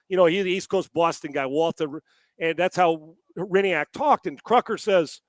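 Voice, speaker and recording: A man co-hosting a casual sports talk show, animated and profane, often stammering and restarting his sentences. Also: high-pitched, moderate pace, no room sound. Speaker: sports analyst co-host.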